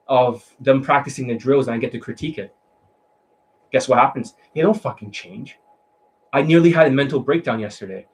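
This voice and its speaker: A man with an ordinary mid-range voice, lecturing as a dating coach. He is blunt and swears freely. He mocks his students and slips into quick imitations to show what he means. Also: medium pitch, rough recording. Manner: profane, mocking, blunt; mimics voices to demonstrate. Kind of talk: coaching monologue.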